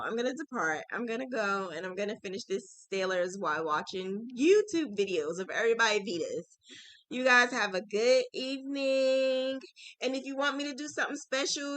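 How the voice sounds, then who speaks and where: A woman chatting to her viewers about crochet, chatty and excitable, often saying "like" and "oh my God". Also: on the high side, no echo, poor audio. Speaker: crochet vlogger. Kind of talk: casual chat to viewers.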